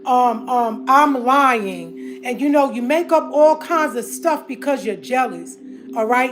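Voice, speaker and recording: A woman delivering an angry, confrontational monologue to her viewers, blunt and clearing her throat now and then, upset and trying to calm down. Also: high-pitched, takes it slowly. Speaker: online commentator.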